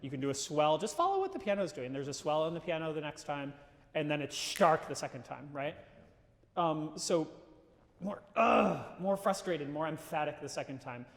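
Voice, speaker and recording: A man coaching a singer in a live masterclass, casual and animated, breaking into sung phrases to show what he means. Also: a little high, normal speed, creaky. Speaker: voice teacher leading a masterclass. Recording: roomy hall reverb.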